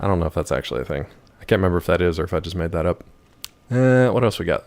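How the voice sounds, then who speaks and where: A hoarse man chatting casually and joking with viewers while he plays a video game. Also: deep voice, very animated, rapid-fire, darkish tone. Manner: joking, rambling, chats with viewers. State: hoarse from yelling. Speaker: gaming streamer. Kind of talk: casual gameplay commentary.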